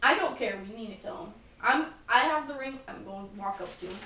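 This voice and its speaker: A woman's voice: a little high, expressive, a little fast. A woman playing a tabletop game who stays playful and in character. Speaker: player. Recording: echoey, distant, dull room recording.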